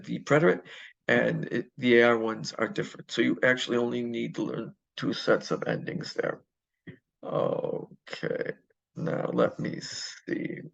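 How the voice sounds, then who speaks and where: A man's voice: mid-range voice, vocal fry, highs cut off. A man teaching a Spanish grammar lesson, explaining step by step and answering his own questions.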